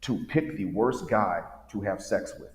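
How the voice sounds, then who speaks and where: A man in a casual discussion, speaking in a measured, reflective way. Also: lowish voice, lively intonation. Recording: echoey room with long reverb.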